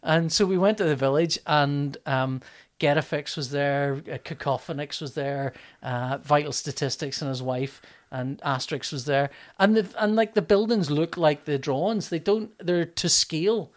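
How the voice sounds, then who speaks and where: A man in his thirties, an animated storyteller who acts out his own reactions, laughs often and swears in casual chat. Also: fairly high pitch, moderate pace.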